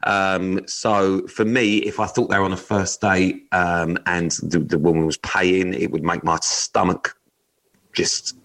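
A man's voice: low voice, little pitch movement, a little slow, fairly bright tone. A man co-hosting a podcast, rambling with cheeky jokes and many hesitations. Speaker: podcast co-host. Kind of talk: casual banter.

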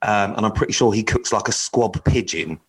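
Guy co-hosting a chatty podcast, fairly low voice, swears a lot, cheeky. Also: moderate pace. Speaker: podcast co-host. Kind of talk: casual chat.

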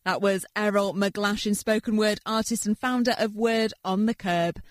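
A man with a high voice hosts a radio news slot from a dry booth. He wraps up an interview politely and briskly. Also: steady tone, no echo.

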